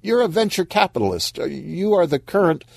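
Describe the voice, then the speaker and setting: Flustered meek male CEO, hesitant, stammering, high-pitched, read by a man. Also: sing-song, normal speed, vocal fry, no echo, exaggerated voice. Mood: awkward.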